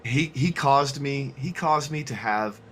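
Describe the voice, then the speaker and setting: Animated, swearing male streamer. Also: medium pitch, measured pace, breathy edge. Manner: animated, profane storytelling. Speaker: streamer and host. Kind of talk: casual chat.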